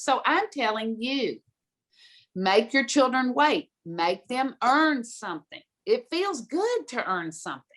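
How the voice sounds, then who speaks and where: A woman's voice: on the high side, a bit bright. Middle-aged woman guest, direct and emphatic, storytelling advice. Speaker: guest speaker on money.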